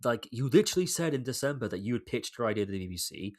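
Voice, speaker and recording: A man's voice: mid-range voice, animated, racing, a little mellow. A young man hosting his own podcast, rambling through exasperated solo commentary and swearing freely. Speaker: podcast host.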